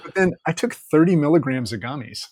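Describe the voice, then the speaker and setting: A man telling stories as a podcast guest, casual and animated, laughing often and acting out quotes. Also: fairly high pitch, a little fast. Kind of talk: casual interview storytelling.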